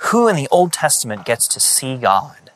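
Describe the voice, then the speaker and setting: A man delivering a sermon in an animated, conversational way. He retells scripture as though the figures were talking today, his voice sitting at an everyday middle pitch. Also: moderate pace. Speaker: preacher.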